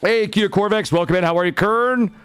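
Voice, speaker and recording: A young man streaming a game, chatting casually with viewers, swearing often and swinging between loud remarks and muttering. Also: high voice, brisk, smooth, dry recording, soft background music. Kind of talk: casual gameplay chat with viewers. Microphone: studio microphone.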